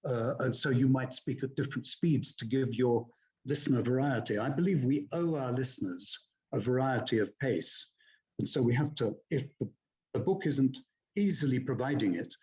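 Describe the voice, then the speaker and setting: An older man, an actor and audiobook narrator, explaining reading technique in a measured, explanatory way. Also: mid-range voice, a little mellow. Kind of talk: conversational teaching.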